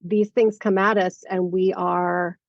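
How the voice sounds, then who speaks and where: A woman's voice: fairly low pitch, level tone, takes it slowly, no echo, lo-fi sound. A woman hosting a podcast, asking questions with empathy and finishing her guest's sentences. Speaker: podcast host. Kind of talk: conversational interviewing.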